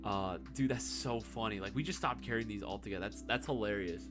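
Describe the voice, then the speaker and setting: A man's voice: on the low side, fairly quick, over music. A young man hosting a casual live-stream Q&A, swearing freely and laughing often. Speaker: live stream host answering viewer questions.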